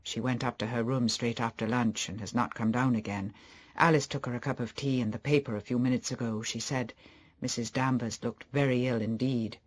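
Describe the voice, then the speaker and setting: A man's voice: mid-range voice, steady tone, brisk, natural voice. A man voicing an old, devoted butler in an audiobook, polite and deferential. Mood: respectful.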